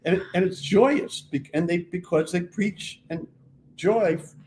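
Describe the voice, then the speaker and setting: Halting man in a noisy room. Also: high-pitched, darkish tone. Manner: halting, repeats words. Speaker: congregant. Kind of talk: casual remarks in a class.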